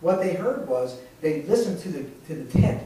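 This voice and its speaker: A man's voice: fairly high pitch, big pitch swings, normal speed, dark tone. A man preaching a sermon in a church, telling stories in a conversational way with laughs and restarts. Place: church sanctuary. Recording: echoey church hall, distant mic, faint noise.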